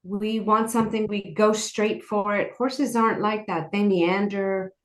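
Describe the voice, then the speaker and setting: A woman's voice: mid-range voice, fairly even intonation, measured pace. Earnest rambling woman in roomy echo. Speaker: guest, horse program founder. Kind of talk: personal storytelling in interview.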